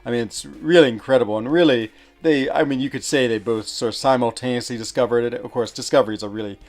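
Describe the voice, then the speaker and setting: A man's voice: medium pitch, a little mellow. A man streaming a mobile game, chatting casually and rambling, often stopping with fillers to search for words. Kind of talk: casual live-stream chat.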